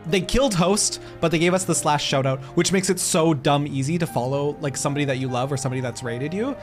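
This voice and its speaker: A man chatting casually on a live stream while gaming, excitable and quick to laugh. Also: fairly high pitch, soft background music.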